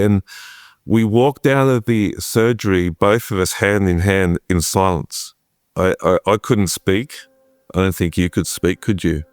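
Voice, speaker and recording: Middle-aged preacher, deep voice, home-office storyteller, lively. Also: male voice, a little slow, smooth, no room sound, clean studio sound. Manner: animated, acts out quotes, chats with his wife. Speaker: preacher telling his story. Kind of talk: conversational storytelling interview.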